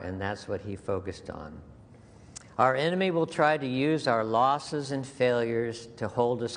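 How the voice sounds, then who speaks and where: A man preaching a sermon as pastor, earnest and conversational, repeating key phrases for emphasis. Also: mid-range voice. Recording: long hall reverb with faint noise.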